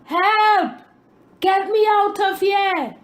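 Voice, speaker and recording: A woman voicing a dramatic, fearful talking loaf of bread that cries out in high, shrill pleas. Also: big pitch swings, slow pace, dark tone, heavily acted. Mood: panicked.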